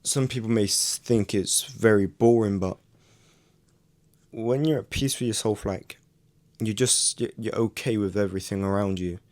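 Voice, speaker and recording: A young man with a somewhat low voice shares his thoughts in a casual vlog. He sounds earnest and reflective. His speech is loose and unscripted, with lots of filler words and self-corrections. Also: normal speed, darkish tone. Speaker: YouTuber.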